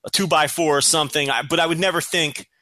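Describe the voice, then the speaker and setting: A man's voice: a little high, fairly even intonation, fast, sharp tone. A man co-hosting a podcast, chatting casually with dry, joking remarks. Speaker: podcast co-host.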